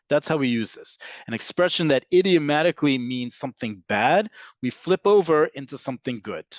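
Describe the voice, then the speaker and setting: A man's voice: mid-range voice, no room sound. A man teaching a live online class, explaining terms with frequent ums and checking in with "right?". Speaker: Hebrew teacher. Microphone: video call.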